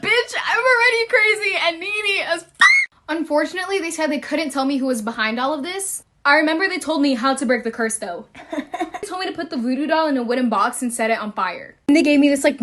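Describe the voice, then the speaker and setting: A woman telling a casual storytime, animated and laughing as she talks. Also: high voice.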